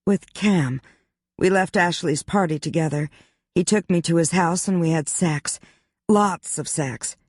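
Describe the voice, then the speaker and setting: Pippa is an anxious, frank young woman as the narrator reads her, confiding her worries in a rueful tone. The voice is close and dry and sits at a middle pitch. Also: unhurried, no room sound, natural voice.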